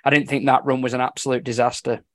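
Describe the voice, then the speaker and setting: A man's voice: medium pitch, level tone, fast. A man chatting lightly on live sports radio as a racing tipster. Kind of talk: casual sports radio chat.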